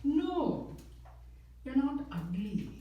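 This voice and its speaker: Пронзительная, прямолинейная индийская мать-одиночка, которую изображает молодой мужчина, отчитывает сына колкими замечаниями. Голос высокий, звучит издалека, с гулким эхом зала. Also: male voice, very high-pitched, sing-song, very slow, heavy reverb, distant mic, muffled recording, pitched above the performer's own voice, heavily acted. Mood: scolding. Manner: sharp, exclaiming, cutting put-downs. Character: a shrill, blunt Indian single mother scolding her son.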